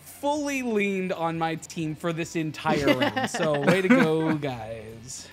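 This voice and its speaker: A man's voice: fairly high pitch, very animated, slow pace, over loud music. A man playing in a trivia game, joking and self-deprecating. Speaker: trivia player. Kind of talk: casual game show banter.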